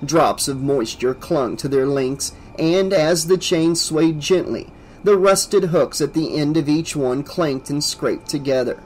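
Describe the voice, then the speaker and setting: A man reading aloud as the narrator of a horror audiobook, in a steady, measured way. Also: fairly high pitch, slight background noise, low-quality recording. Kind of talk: scripted narration.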